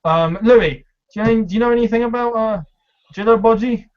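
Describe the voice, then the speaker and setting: A man hosting a casual football fan chat, chatty and quick to laugh, with many fillers. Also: high-pitched, smooth. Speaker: fan channel host. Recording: dull lo-fi sound.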